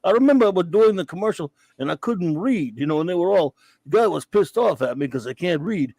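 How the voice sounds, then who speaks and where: A man doing a comic impression of a punchy, slow-witted boxing champ who mumbles and halts. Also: high voice, expressive, creaky, a little mellow, no room sound, exaggerated voice. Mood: dopey. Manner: mumbling, halting, drawling.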